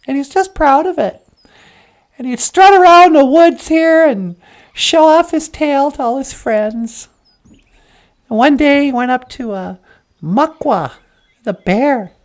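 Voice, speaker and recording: A woman tells a folk tale in a playful, chatty way. Her voice is high and swings widely, and she takes her time with each phrase. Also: darkish tone. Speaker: storyteller. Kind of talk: oral folk storytelling.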